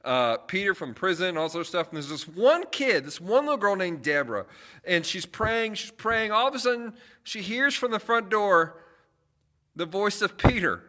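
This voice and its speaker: Bright-voiced young man telling stories. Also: high voice, animated, normal speed. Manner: chatty storytelling with frequent fillers and restarts. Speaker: youth pastor. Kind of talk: casual livestream chat.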